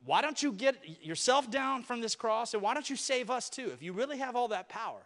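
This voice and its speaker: A man's voice: extremely high pitch, expressive, a little fast, a bit bright, in a large hall, pitched above the performer's own voice. A pastor voicing a bitter, mocking male criminal dying on a cross, in a taunting tone.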